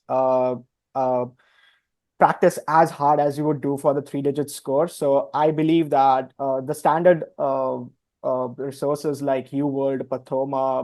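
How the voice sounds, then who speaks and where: A man's voice: medium pitch, darkish tone, dry recording. A young adult man sharing his residency match story in a casual webinar, hesitant with frequent fillers.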